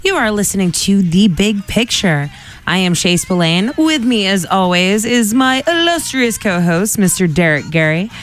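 Smooth-voiced chatty male radio host. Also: high voice, expressive, moderate pace, a bit bright. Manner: chatty, lots of "like" fillers, laughs easily. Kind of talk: casual radio talk. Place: radio studio.

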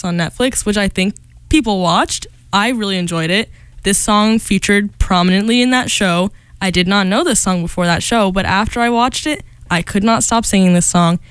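A woman's voice: medium pitch, smooth, no echo. A young woman hosting a college radio show, introducing songs and teasing her co-host in an upbeat, casual way.

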